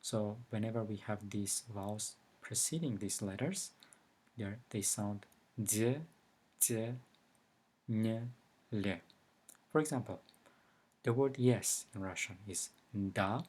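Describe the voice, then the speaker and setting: Brief: male teacher, lowish husky voice, slow careful lesson delivery. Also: darkish tone. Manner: slow, careful explanations with example words. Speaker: language teacher. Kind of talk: recorded language lesson.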